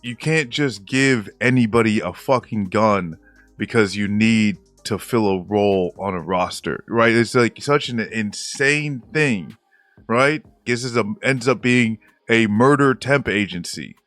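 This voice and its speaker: A man's voice: lowish voice, measured pace, a bit bright, no echo, soft background music. A man interviewing a guest in casual talk, loose and blunt, heavy on fillers and profanity.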